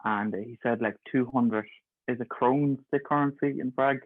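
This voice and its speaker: A man's voice: medium pitch, fairly even intonation, normal speed, dry recording. A young man in his twenties, a guest, telling stories in a chatty way and laughing through them. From Ireland. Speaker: guest, pharmacist. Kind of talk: casual storytelling. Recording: thin phone-like call audio.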